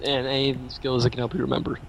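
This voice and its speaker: A man's voice: mid-range voice, little pitch movement, fast talker, gravelly, very noisy. A man running a tabletop game as game master, easygoing and loose in his narration, laughing often.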